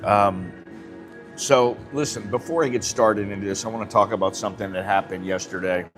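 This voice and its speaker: An American man tells a rambling story in a relaxed live stream, his voice sitting low. He acts out bits of dialogue as he goes. Music plays clearly in the background. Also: normal speed. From United States. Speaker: vlogger. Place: Thailand, drinking coffee.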